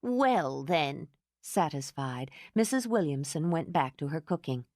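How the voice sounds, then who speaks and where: A woman narrating an audiobook in an expressive storytelling manner. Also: deep voice, moderate pace, no echo, clean studio sound. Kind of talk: scripted narration.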